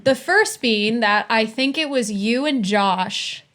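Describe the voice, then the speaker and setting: A young woman in her twenties chats as a podcast guest, spinning a story with a slightly high voice. She is animated, laughs often and slips into voices for the people she quotes. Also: takes it slowly. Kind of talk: casual storytelling.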